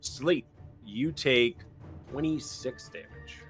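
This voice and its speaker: A man's voice: mid-range voice, slow, a bit bright. A man running a tabletop game as game master, describing attacks and correcting his own rules calls. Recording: faint music under the voices.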